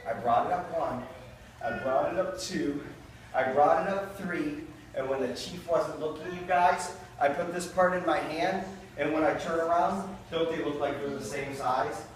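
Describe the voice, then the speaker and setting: A high-pitched man spins an animated story for a room of small children, keeping them in with a constant "you guys." The sound is very echoey and comes from far off, with clear noise behind him. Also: normal speed. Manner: animated, keeps calling the kids "you guys". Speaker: children's magician and fire safety performer. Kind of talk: storytelling magic show for children. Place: daycare center room, indoors.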